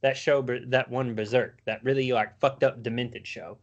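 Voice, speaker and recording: Swearing man telling animated stories. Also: medium pitch, moderate pace, highs cut off. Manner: profane, animated storytelling. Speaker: podcast co-host. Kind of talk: casual chat.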